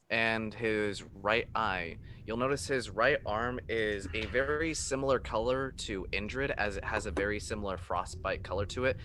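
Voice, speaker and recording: A man's voice: fairly low pitch, bright, forceful tone, a little hiss or hum. A man narrating as game master, with loose, rambling descriptions full of fillers.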